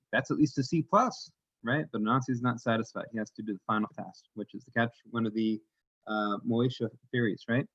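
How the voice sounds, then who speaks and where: A man telling a folktale to a congregation in an animated, folksy way, with casual asides. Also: on the low side, gravelly, dry recording, highs cut off. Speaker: worship leader telling a story.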